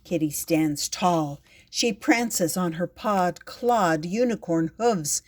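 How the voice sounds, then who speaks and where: An older woman reads a picture book aloud, gentle and unhurried. She takes her time over every line. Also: fairly low pitch. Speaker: storyteller.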